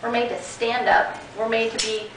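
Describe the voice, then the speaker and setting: A woman's voice: on the high side, little pitch movement, moderate pace, background noise. A woman guest speaker at a group meeting, telling a personal story with many restarts and quoted back-and-forth dialogue. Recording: echoey room recording from a distance.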